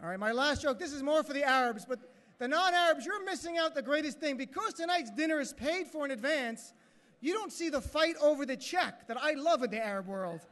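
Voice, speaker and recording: A man's voice: extremely high pitch, brisk. A man doing a stand-up comedy routine as master of ceremonies, joking and acting out characters, in a large hotel ballroom. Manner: joking, animated, acts out characters. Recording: echoey hall.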